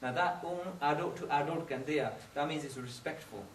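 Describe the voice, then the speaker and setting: A man's voice: fairly high pitch, normal speed, a little hiss or hum. A man speaking to a congregation, mixing English with phrases and acting out quoted voices. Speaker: Sikh religious speaker. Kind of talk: talk to a congregation. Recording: roomy hall, from a distance.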